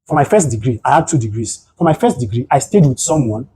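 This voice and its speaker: Husky, mellow Nigerian man teaching. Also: medium pitch, quick pace, poor audio. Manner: animated storytelling, rhetorical questions. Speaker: psychotherapist and guest speaker. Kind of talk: motivational talk to a group.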